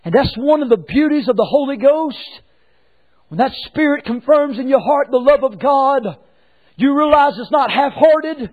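A man preaching a sermon as pastor, swinging between hushed lines and shouted ones. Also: very high-pitched, animated, normal speed, narrow, tinny audio.

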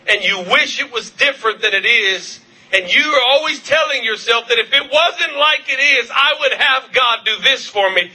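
A man preaching a revival sermon, fervent, repeating his questions and shouting at the peaks. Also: very high-pitched. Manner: fervent, shouting at peaks, repetitive calls to the congregation. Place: church service.

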